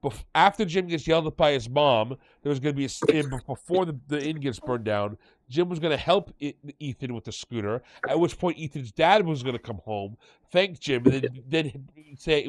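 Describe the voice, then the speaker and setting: A man's voice: on the high side, expressive, moderate pace, no room sound. A man hosting a casual podcast chat, rambling and correcting himself as he recounts details. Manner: rambling, self-correcting storyteller. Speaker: podcast host.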